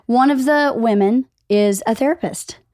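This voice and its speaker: A woman hosting a podcast, her voice a bit squeaky from a cold, telling stories in an enthusiastic, chatty way. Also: moderate pace, a little mellow, no echo, studio quality. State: recovering from a cold. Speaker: podcast host. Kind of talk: casual chat.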